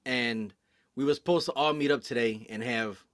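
A man's voice: medium pitch, moderate pace, fairly bright tone, dry recording, studio quality. A man hosting a podcast, casual profane banter and frequent joking. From Michigan. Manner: profane, joking, laughs often. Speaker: podcast host.

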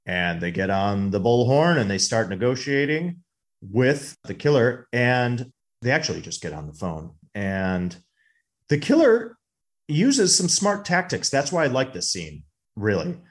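A man's voice: mid-range voice, very animated, unhurried. A man co-hosting a movie podcast, casually recapping a film's plot at length. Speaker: podcast co-host.

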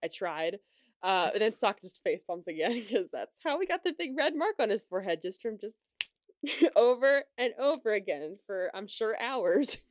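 A woman's voice: medium pitch, very animated, normal speed, no room sound. Giggly woman recapping a cartoon, dry mic. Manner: chatty and giggly, full of fillers and restarts. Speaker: podcast co-host. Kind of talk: casual episode recap chat.

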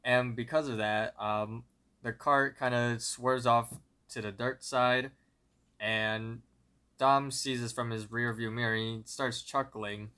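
Slow, bright-voiced young man narrating. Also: medium pitch, clean tone. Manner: steady, methodical retelling with small slips. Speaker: podcast co-host. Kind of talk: plot narration recap.

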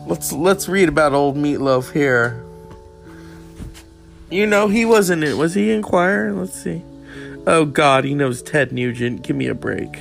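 Gravelly-voiced man rambling casually. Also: fairly high pitch, measured pace, soft background music. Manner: profane, reads aloud from web pages.

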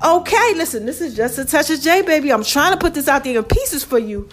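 A woman hosting her own online show, talking casually and warmly to her viewers, calling them "baby" and repeating phrases to drive her point home. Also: high-pitched, lively intonation, brisk, faint music behind. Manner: affectionate, calls listeners "baby" and "y'all"; preachy, repeats phrases for emphasis. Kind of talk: casual motivational talk to viewers.

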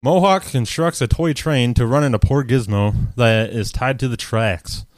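A man co-hosting a podcast, casually recapping a film's plot with deadpan jokes. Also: mid-range voice, normal speed, no room sound. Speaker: podcast co-host. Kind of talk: casual movie recap chat.

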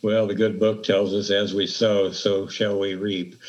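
A man hosting an interview, affirming his guest in a warm way. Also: fairly low pitch, little pitch movement, a little slow, muffled recording. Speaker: podcast host.

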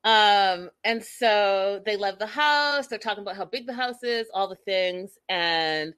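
A woman hosting a casual recap of a reality show, gossipy and animated, laughing at the scenes she retells. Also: mid-range voice, a little slow, clean tone. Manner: animated, gossipy, laughs at her own quotes. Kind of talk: casual chat.

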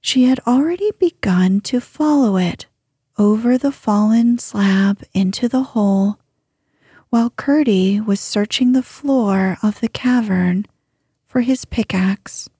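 A woman narrating a storybook in a whispered reading, her voice very breathy and hushed. She reads slowly and steadily, with a mellow, dark tone. The sound is close and dry. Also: mid-range voice, dry recording.

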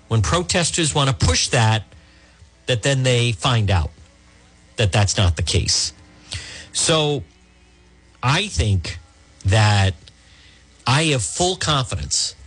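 A man's voice: medium pitch, a bit bright, husky. A man hosting a talk radio show, speaking in an emphatic monologue and often restarting or repeating words.

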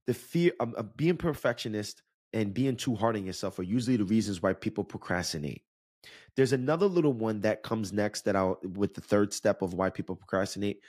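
Low-voiced motivational man coach. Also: a little mellow, dry recording, studio quality. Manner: earnest, direct, repeats points, addresses listener as "my friend". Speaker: wellness coach and podcast host. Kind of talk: motivational podcast talk.

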